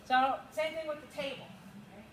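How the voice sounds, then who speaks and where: A woman with a slightly high voice teaches an outdoor dog agility class, explaining drills to her students in a practical coaching style and slipping into quick cues for her dog. The recording is echoey and background noise is loud.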